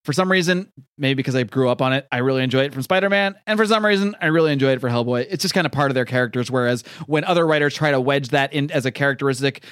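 A man's voice: medium pitch, racing, a bit bright, smooth, no room sound, studio quality. Rambling casual man recapping comics. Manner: rambling retelling with many fillers and quoted lines. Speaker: comic book podcast host.

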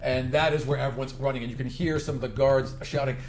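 A man narrating as game master of a tabletop role-playing game, describing scenes in a lively, vivid way. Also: mid-range voice, quick pace.

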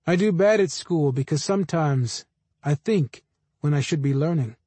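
A man's voice: on the high side, normal speed, warm tone, breathy edge, dry recording. Dry, close male audiobook narrator. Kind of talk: first-person audiobook narration.

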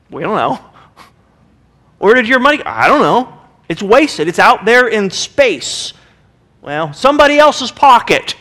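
A man preaching a sermon as pastor, passionate and animated, acting out the people in his story. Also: high voice. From United States. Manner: impassioned preaching, acting out quoted voices.

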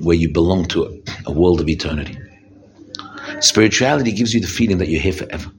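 A man's voice: creaky, slight background noise. A man giving an emphatic sermon as a rabbi, often repeating and restarting his phrases. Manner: lively, emphatic preaching that swings from low and quiet to high and intense. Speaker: rabbi giving a holiday talk.

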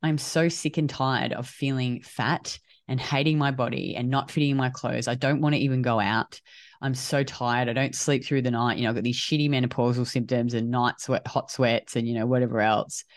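A woman health coach talks casually on her podcast, blunt and quick to swear. She slips into little acted-out quotes of herself and her clients. The sound is dry and close, with no room echo. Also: very deep voice, fairly even intonation. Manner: blunt and swears freely, acts out quoted dialogue.

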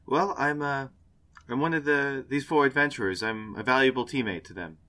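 A man's voice: medium pitch, normal speed, bright, forceful tone, close to an everyday voice. A man voicing an earnest male adventurer who speaks hesitantly as he introduces himself. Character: earnest male party member, eager to belong. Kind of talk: voicing an NPC in a tabletop game.

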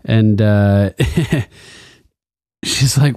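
A man's voice: on the low side, slow pace, dark tone, no echo, clean studio sound. A man co-hosting a casual TV recap podcast, laid-back and joking, chuckling often. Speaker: podcast co-host.

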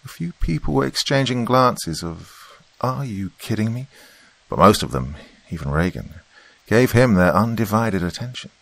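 A man's voice: on the low side, sing-song, moderate pace, gravelly, fairly bright tone, no room sound. A man narrating a first-person story in a wry, matter-of-fact way.

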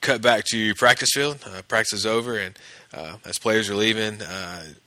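A man's voice: on the low side, moderate pace, pushed and bright, no echo. A man casually recapping a TV episode scene by scene, with plenty of fillers and restarts. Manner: conversational, many fillers and restarts. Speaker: podcast host recapping an episode.

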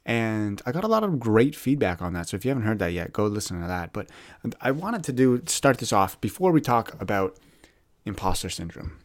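A young man from Canada talks alone into the mic for his podcast, rambling in a candid, searching way and often restarting his words. His voice sits low, and the sound is dry and close with no room around it. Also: very animated, a little fast, no room sound. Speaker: podcast host.

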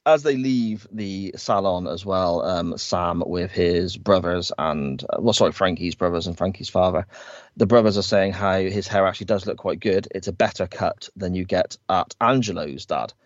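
A man's voice: low-pitched, moderate pace, dry recording. A man co-hosting a podcast, recapping a TV episode's plot step by step in an easygoing, agreeable way, on a slightly dull recording. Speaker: podcast co-host. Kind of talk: casual chat recapping a TV episode.

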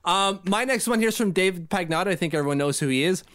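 A man's voice: high-pitched, fast, clean tone. A man whose first language is French, co-hosting a casual podcast chat and acting out quoted voices. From French-speaking. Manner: animated, acts out quoted voices. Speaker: co-host.

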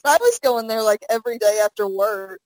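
A young woman co-hosts a casual podcast, her voice sitting a little high as she rambles through fillers and breaks into laughter. The sound is dry and close, with no room around it. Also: fairly quick, darkish tone, no room sound, poor audio. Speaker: podcast co-host. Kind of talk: casual chat.

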